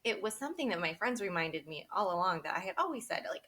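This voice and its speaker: A woman's voice: mid-range voice, big pitch swings, fast talker, bright, forceful tone. A woman in her thirties, a podcast interview guest, telling her personal story candidly and with feeling, laughing often and quoting what she and others said.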